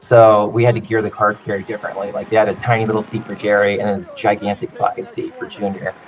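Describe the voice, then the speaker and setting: This man in his thirties has a low voice with little rise and fall. He speaks in a relaxed, rambling way, as a guest sharing casual stories. The audio is dull and lo-fi. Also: quick pace, crowd noise. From California. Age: 30s. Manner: relaxed, rambling with frequent "like" and "you know". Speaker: interview guest. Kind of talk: casual interview storytelling.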